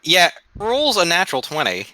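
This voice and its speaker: A man running a tabletop game, his bright voice rising and falling as he narrates. He stumbles, restarts and curses under his breath at the menus. The sound is dry and close, with no room around it. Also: high voice, huge pitch swings, normal speed, no room sound. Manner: swears and mutters while working the game menus. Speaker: game master.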